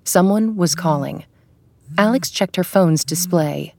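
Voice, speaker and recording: A woman narrating a suspense audiobook in a steady, measured way. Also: on the low side, gravelly.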